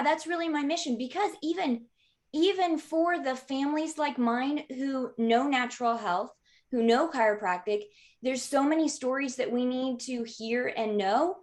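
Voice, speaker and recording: A woman in her thirties, a podcast guest, telling stories in a lively way with frequent "um" fillers. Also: high-pitched, unhurried. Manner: lively, frequent "um" fillers, acts out quoted voices. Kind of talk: conversational storytelling.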